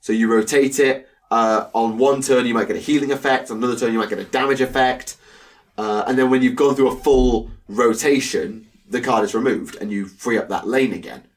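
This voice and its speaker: A man co-hosting a casual hobby podcast, chatty and quick to laugh, with many fillers. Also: medium pitch, fairly even intonation, far from the mic. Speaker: podcast co-host.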